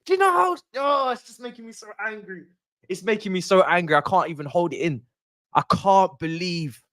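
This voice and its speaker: Young guy, high lively voice, dry close sound, exasperated football ranting. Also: normal speed, dry recording. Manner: animated, exasperated, slangy ranting. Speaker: streamer hosting a football watch-along. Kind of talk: live watch-along reaction.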